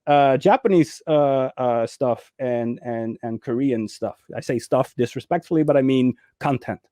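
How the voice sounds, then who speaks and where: Speaking a little slowly in a medium-pitched voice, this movie talk show co-host chats casually and energetically, performing scenes in raised voices as he tells his stories. The sound is clean studio quality with no room sound.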